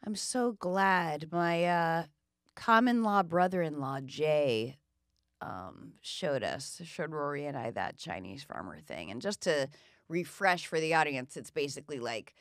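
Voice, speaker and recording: A woman's voice: deep voice, expressive, a little slow, no room sound, clean studio sound. A middle-aged woman hosting a podcast, telling a story casually and loosely with lots of filler words. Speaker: podcast host.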